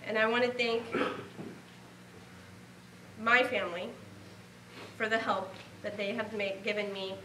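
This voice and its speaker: A woman's voice: mid-range voice, steady tone, measured pace, long pauses, bright, forceful tone, recorded from a distance, a little hiss or hum. Earnest woman in an echoey hall. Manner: heartfelt, earnest, speaking of a lost relative. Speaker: award recipient giving acceptance speech. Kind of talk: emotional acceptance speech.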